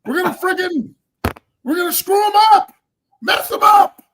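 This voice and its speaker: A man voicing a mock football coach who yells threats with high-pitched, sputtering hype and minced oaths. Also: expressive, normal speed, a little hiss or hum, full character voice. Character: mock overhyped clean-talking football coach, man, shouting.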